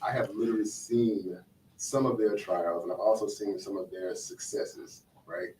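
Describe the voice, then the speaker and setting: A man's voice: lowish voice, fairly even intonation, normal speed, warm tone. A man hosting a podcast in casual chat, slangy and checking in with "right?" as he talks. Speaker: podcast host. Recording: echoey room, mic at a distance, faint noise.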